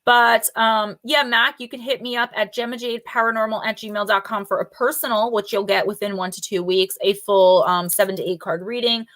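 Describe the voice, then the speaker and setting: A woman's voice: mid-range voice, fairly even intonation, normal speed, hardly any pauses, a bit bright. A woman hosting a live oracle card reading stream, talking casually and informally and calling out viewers by name. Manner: chatty and informal, with loose fillers and mild swearing.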